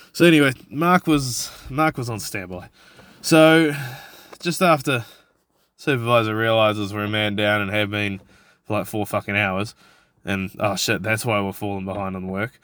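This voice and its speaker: A man's voice: lowish voice, moderate pace, a bit bright, dry recording. A man hosting a podcast, telling a work story in a rambling, profane way, with many restarts and fillers. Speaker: podcast host. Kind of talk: casual storytelling monologue.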